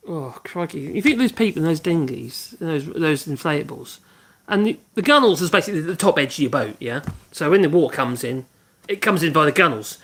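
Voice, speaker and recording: A man chats casually on a woodworking livestream, wandering from thought to thought and humming as he works. His voice is on the high side, bright and husky, and he sounds animated and a little fast.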